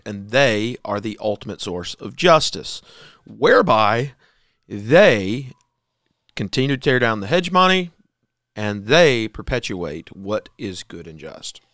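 A man's voice: on the low side, lively intonation, unhurried, a bit bright, no room sound, studio quality. A male co-host making wry quips in a casual commentary chat, with hesitant restarts. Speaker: talk show co-host.

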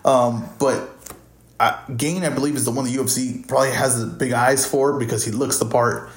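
A man's voice: mid-range voice, steady tone, normal speed. A man hosting a podcast, casually talking through his fight predictions and thinking aloud as he goes. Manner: offhand, thinking aloud, stumbles over fighter names. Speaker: podcast host. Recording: roomy echo.

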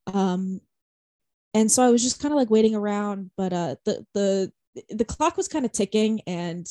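A woman's voice: medium pitch, normal speed, warm tone, no room sound. A young woman telling a concert story in casual chat, rambling, saying "like" a lot, swearing and laughing often. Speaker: podcast co-host.

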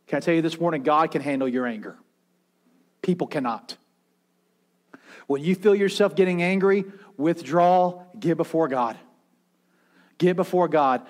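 A man pastor preaching a sermon, swinging from intense raised passages to hushed quiet ones and acting out voices as he retells. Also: a little high, normal speed, pauses often. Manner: preaching with rising intensity and dramatic quiet drops; acts out quoted voices in his retelling.

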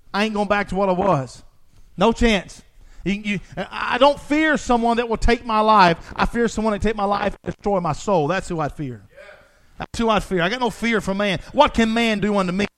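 A man's voice: high-pitched, fairly bright tone. A man preaching a sermon with passion, repeating phrases for emphasis.

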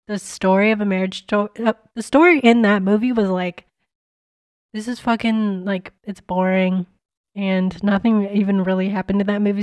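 A woman's voice: medium pitch, smooth, no room sound. A woman giving a casual, blunt spoken movie review, talking in a chatty way full of filler words.

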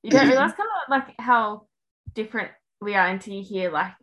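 A woman co-hosting a podcast, chiming in with quick, playful remarks. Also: mid-range voice, a bit bright. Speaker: podcast co-host. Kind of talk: casual chat.

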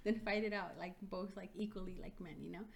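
A woman's voice: medium pitch, fairly even intonation, brisk, creaky. A woman co-hosting a podcast, telling stories in casual chat, full of "like" and casual swearing. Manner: chatty storyteller, fillers of "like", casual swearing. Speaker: podcast co-host.

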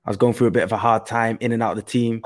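A man in a casual podcast chat, telling a story in an earnest way and often dropping soft. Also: medium pitch, steady tone, rapid-fire.

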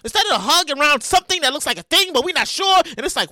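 A man hosting his own podcast, talking casually in a rambling, profane, animated way. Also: very high-pitched, brisk, no echo, studio quality. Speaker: podcast host. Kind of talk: casual solo commentary.

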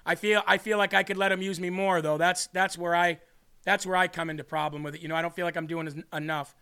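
Male podcast host, bright and high, earnest and a little teary while reading live chat. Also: steady tone, quick pace, smooth. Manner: earnest, emotional, reads comments aloud. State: tearing up.

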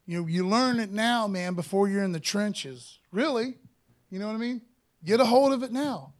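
A man preaching a casual sermon as pastor, dropping "man" and "you know" asides and lifting his voice when he reads scripture. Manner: reads scripture louder and higher.

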